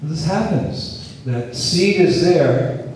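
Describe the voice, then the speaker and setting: A man giving a scripture lecture at a festival, telling a story in an unhurried, earnest way with quoted dialogue. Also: a little high, expressive, a little mellow. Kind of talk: storytelling sermon. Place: festival lecture venue, distant mic. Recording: echoey hall, speaker far from mic.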